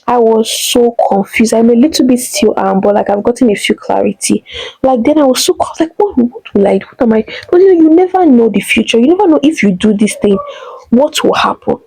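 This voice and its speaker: Animated young Nigerian woman vlogger. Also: a little high, brisk, vocal fry, dry recording, rough recording. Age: young adult. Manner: animated, exclaiming, rambling with many fillers. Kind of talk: personal vlog confession.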